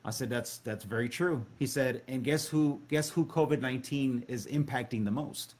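A man's voice: medium pitch, moderate pace, a little mellow. A man hosting a casual chat, retelling a conversation and quoting it back and forth with many restarts.

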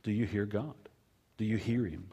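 A man preaching a sermon as pastor, repeating phrases and swinging between loud emphasis and hushed lines. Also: on the low side, steady tone, moderate pace, gravelly, breathy edge.

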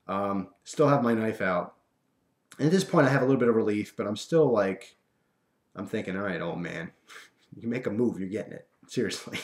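A young man tells his viewers a personal story in a casual, animated way, full of fillers and restarts. His voice is medium-pitched.

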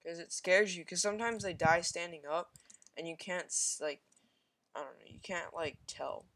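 Gamer rambling over their own match, middle pitch, lots of ums, keeps making fun of their own bad shots. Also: normal speed, fairly bright tone. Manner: rambling, thinks aloud, self-mocking; frequent fillers and repeated exclamations. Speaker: gamer narrating own gameplay. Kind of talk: casual gameplay commentary.

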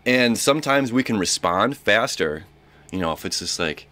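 A man's voice: deep voice, fairly quick, a bit bright. A young man giving a casual, rambling horoscope talk as an astrologer, repeating himself and acting out little dialogues.

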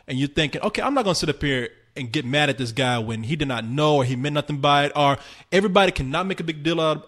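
A man's voice: on the high side, fairly bright tone. A man in casual podcast chat, rambling and repeating himself, laughing easily. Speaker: podcast co-host.

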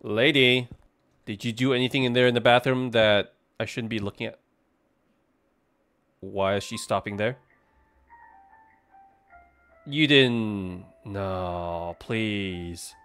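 Over soft background music, a man with a fairly low, smooth voice keeps a measured pace and fairly even intonation. He's livestreaming a game, chatty with viewers and characters, reacting to the screen and easily startled.

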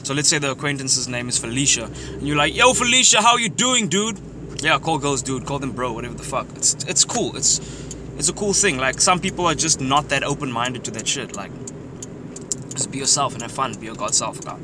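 Talking a little fast in a mid-range voice, a young man drives and chats casually, offering crude, offhand advice about social life and laughing a lot. Car and street noise fill the recording from inside the vehicle.

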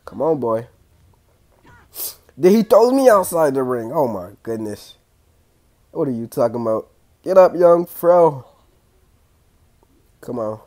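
A young man casually commentating his own wrestling video game play, excitable and slangy, trash-talking the opponents, with a clogged throat. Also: medium pitch, unhurried, pauses often. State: congested throat. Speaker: gaming channel host.

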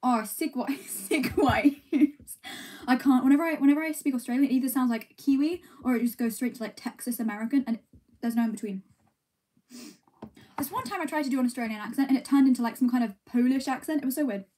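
Talking fast in a high voice with a dark tone, a young streamer snacks on ice cream as she chats casually. She reads out comments and responds with giggles, rambling and poking fun at herself.

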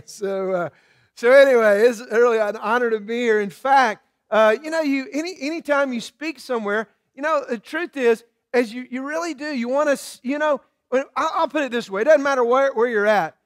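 A man from Georgia with a Southern accent, a guest preacher opening a sermon in a folksy, halting way with many fillers. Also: extremely high pitch, no room sound, studio quality.

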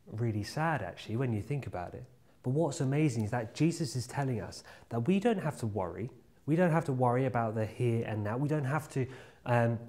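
A man gives a children's Bible talk in a chatty, storytelling way. He talks straight to the kids, at a middle pitch, and keeps his tone friendly. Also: a little mellow. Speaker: children's church leader.

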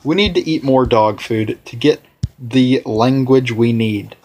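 A man hosting a let's play, rambling and correcting himself as he plays, with excitable outbursts. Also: medium pitch, measured pace. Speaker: gaming channel host.

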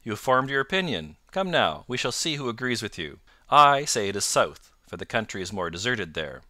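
A man voicing a brisk, eager male police inspector in an audiobook, bluff and hearty. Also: on the low side, animated, bright, forceful tone, no echo, clean studio sound. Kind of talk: audiobook narration.

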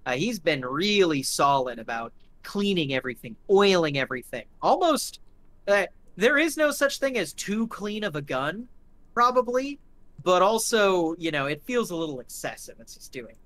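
A man's voice: sits high, big pitch swings, normal speed, a bit bright. A man narrating a live tabletop game as game master, rambling with lots of fillers.

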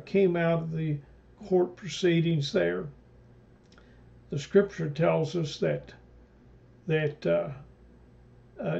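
A pastor leading a mid-week Bible study, retelling scripture in a halting way with many fillers and restarts. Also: male voice, a little high, vocal fry, mellow. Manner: retells scripture, quoting speakers in old-fashioned phrasing. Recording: dull lo-fi recording.

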